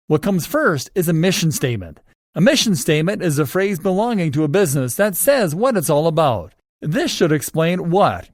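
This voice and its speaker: A man reading scripted instructional narration for a course, in a steady, instructive manner that leans on key points. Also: high voice, no room sound, clean studio sound.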